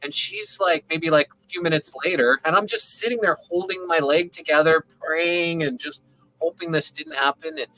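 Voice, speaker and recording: A man with a fairly high, bright and forceful voice tells a rambling story on a video call. He talks in a loose, animated way and keeps checking in with the listener. The sound is dry and close, with no room echo. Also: moderate pace. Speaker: open panel participant. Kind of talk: casual storytelling.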